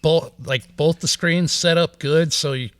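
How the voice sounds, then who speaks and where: A man in his thirties with a fairly high voice, trading wry, teasing remarks in a casual chat. The sound is dry and close to the mic. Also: fairly even intonation, measured pace, clean tone, no echo.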